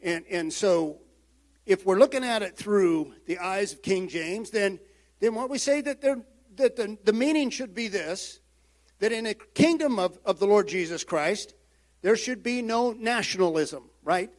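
A man preaching a sermon as pastor, swinging from loud emphatic calls down to quiet, low-spoken passages. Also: a little slow. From United States.

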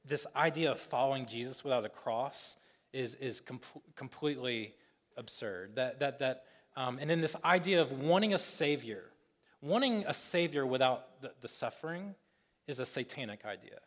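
A man's voice: medium pitch, lively intonation, normal speed, in a large hall. A man preaching a sermon as pastor, talking in a loose conversational way with lots of fillers and playful retellings. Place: church sanctuary.

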